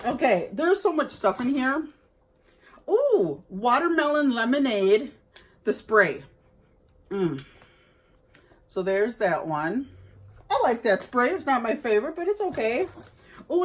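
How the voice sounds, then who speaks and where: A woman's voice: high voice, sing-song, a little slow, long pauses. A woman vlogger chatting casually to viewers as she unboxes gifts, exclaiming over each item.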